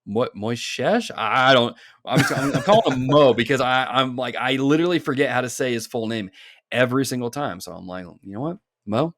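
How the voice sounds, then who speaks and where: A laid-back man co-hosts a podcast, chatting loosely and reading out listener letters. His voice sits at a middle pitch. The sound is dry and close, with no room around it. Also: animated, fairly quick, a bit bright, dry recording. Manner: laid-back, rambling, reads listener mail aloud. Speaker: podcast co-host. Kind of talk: casual chat.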